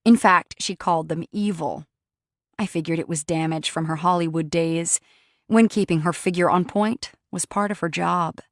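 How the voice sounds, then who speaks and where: Lowish woman narrating a romance. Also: dry recording, clean studio sound. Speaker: audiobook narrator. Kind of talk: first-person romance audiobook narration.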